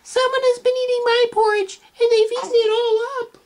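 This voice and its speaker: A man reading aloud and voicing a tiny young boy bear in a high squeaky voice. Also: level tone, moderate pace, slight background noise. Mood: whiny.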